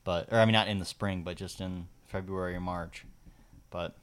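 Guy on a podcast, kinda low voice, rambly and laughing a lot. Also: fairly even intonation, normal speed, smooth. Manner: rambling, filler-heavy, laughs often. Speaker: podcast co-host. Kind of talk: casual chat.

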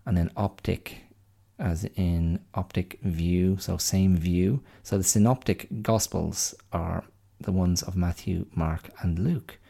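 A man's voice: low-pitched, takes it slowly, gravelly, warm tone. A man hosting a podcast alone, rambling and thinking aloud in casual chat. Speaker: podcast host.

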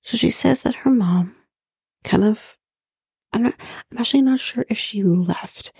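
Gravelly, husky woman ranting incredulously. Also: on the high side, unhurried, warm tone, no room sound, clean studio sound. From Canada. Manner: drops into whispers for emphasis. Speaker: podcast host recapping a reality show. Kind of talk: casual recap chat.

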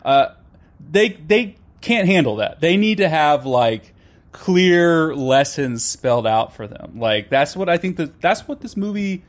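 Opinionated man talking fast in a casual chat. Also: fairly high pitch. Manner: fast, opinionated, many restarts and fillers. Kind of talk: casual conversation about film and politics.

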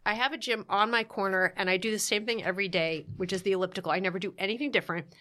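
Woman, casual podcast chat, animated storyteller, quick asides, acts out quotes. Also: medium pitch. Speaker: guest telling a marriage story.

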